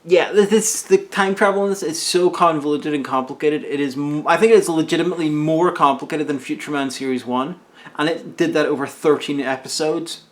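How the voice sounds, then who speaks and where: A man with a fairly high voice joins a casual film review chat. He puts in dry, wry asides and short comments as the conversation goes along. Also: brisk.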